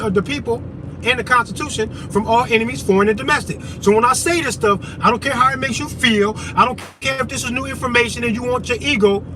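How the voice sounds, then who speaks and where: A man vlogging an impassioned, profane political rant to the camera, loud and emphatic, with a faint vehicle rumble behind him.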